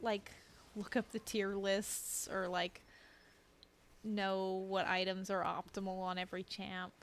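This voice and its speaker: A young woman streams from home late at night, drowsy and given to yawns. She rambles in a chatty, self-deprecating way, her voice at an ordinary middle pitch over a faint background hum. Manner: chatty, self-deprecating, drifting train of thought. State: sleepy, yawning. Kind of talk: casual rambling stream chat. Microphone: desk mic.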